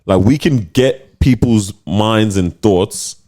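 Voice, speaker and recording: A man co-hosting a podcast, talking in a laid-back, slangy way and musing slowly in casual chat. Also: on the low side, dark tone. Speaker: podcast co-host.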